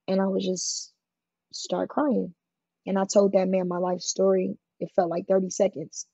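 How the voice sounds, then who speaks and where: A woman's voice: mid-range voice, fairly even intonation, normal speed, vocal fry, dark tone, breathy edge, dry recording, muffled recording. A woman guest telling her own life story in an interview, plain-spoken and emphatic, often acting out what others said. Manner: emphatic, plain-spoken, acts out quoted voices. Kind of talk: candid conversational storytelling.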